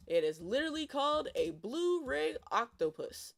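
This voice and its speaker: A woman from Ohio chats casually on a livestream, swearing freely and repeating emphatic warnings over and over. Her fairly high voice is sing-song, and she speaks slowly with long pauses.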